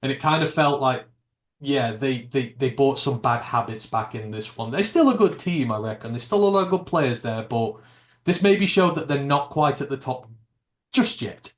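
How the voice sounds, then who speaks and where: A man's voice: medium pitch, lively intonation, moderate pace. Man on a sports podcast in an echoey room. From United Kingdom. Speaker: podcast co-host. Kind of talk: casual sports chat.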